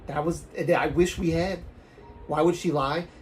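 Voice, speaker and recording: Chatty Southern man, slightly high voice. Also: fairly even intonation, a little slow, soft background music. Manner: rambling, frequent self-restarts, trailing off softly. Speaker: livestreamer. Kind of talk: casual storytelling chat.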